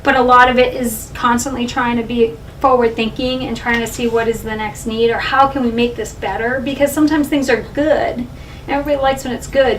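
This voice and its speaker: A middle-aged woman from Massachusetts giving an animated talk about her own life at a library, recorded from a distant room mic. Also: a little high, slight background noise. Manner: animated storyteller, often laughing. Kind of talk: personal storytelling talk.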